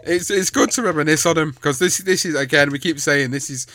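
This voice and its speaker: A man's voice: a little high, fairly quick, bright, forceful tone, no room sound, studio quality. A man co-hosting a podcast, rambling cheerfully with frequent laughs and restarts. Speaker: podcast co-host and editor. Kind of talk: casual chat.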